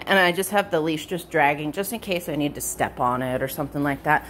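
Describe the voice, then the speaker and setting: A woman dog trainer explaining a training session in casual narration at home, switching between high bright praise for her dog and low quiet explanation. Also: brisk, hardly any pauses, slight background noise. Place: indoors at home with pets.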